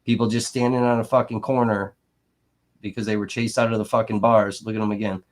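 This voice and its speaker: A man's voice: on the low side, level tone, a little fast. A man hosting a livestream, talking casually and ranting angrily with heavy swearing. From Milwaukee area. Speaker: livestream host. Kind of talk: profane livestream commentary.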